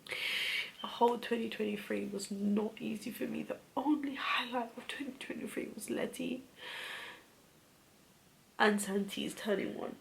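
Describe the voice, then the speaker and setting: A woman in her thirties telling a personal story of grief in a soft, intimate voice that often drops to a whisper. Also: on the high side, steady tone, unhurried, gravelly, pauses often, slight background noise. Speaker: vlogger.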